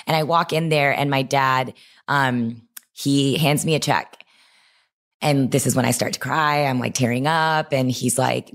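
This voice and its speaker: Young woman, low register, podcast guest recounting her start; animated, quotes her own thoughts. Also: measured pace. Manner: animated storytelling with quoted inner voices. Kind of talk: podcast interview.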